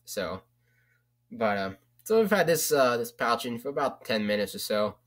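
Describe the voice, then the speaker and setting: A man's voice: medium pitch, sing-song, normal speed, fairly bright tone. A young man vlogging in a casual, rambling way, with loose talk and frequent swearing. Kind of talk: casual vlog chat.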